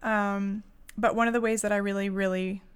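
A woman's voice: medium pitch, flat delivery, normal speed, smooth. A woman co-hosting a podcast in casual chat, rambling and laughing often. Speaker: podcast co-host. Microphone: studio podcast mic.

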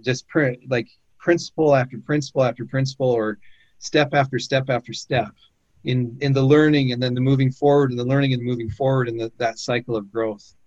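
A man's voice: medium pitch, darkish tone, no room sound. A man hosts a chat and gives encouraging coaching advice, stumbling and repeating words as he goes. The sound is dull and dry. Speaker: host.

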